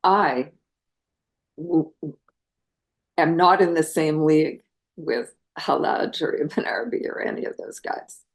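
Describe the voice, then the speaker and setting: An older woman, a translator and guest, speaking reflectively in an interview and often pausing to search for words. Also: deep voice. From United States. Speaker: guest, translator of Persian poetry. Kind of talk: thoughtful interview conversation.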